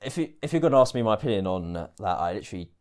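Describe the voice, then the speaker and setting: A man from England hosts a loose, casual podcast conversation in a lowish voice. He laughs often and talks haltingly, restarting sentences as he goes. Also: animated. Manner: giggly, hesitant, lots of restarts. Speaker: podcast host. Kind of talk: casual chat.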